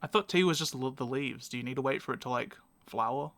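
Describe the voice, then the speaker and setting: A young man hosts a loose podcast chat from home. His voice is bright and forward, and the recording is dry and close. He rambles, mocks himself and laughs easily. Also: medium pitch, fast, no room sound. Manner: rambling, self-mocking, laughs often. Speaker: podcast host. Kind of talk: casual chat.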